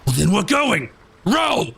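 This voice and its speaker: A man voicing a gruff, impatient pirate bosun who barks orders at his crew. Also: sits high, sing-song, measured pace, bright, forceful tone, voice pushed up, exaggerated voice. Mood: bossy. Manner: barking orders.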